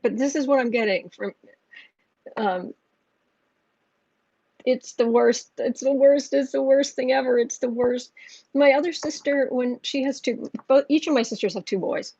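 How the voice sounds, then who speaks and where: The tarot reader in this clip has a somewhat high, darkish voice at a normal speed, pausing often as she rambles and restarts through a casual reading. The recording is muffled, with no room sound.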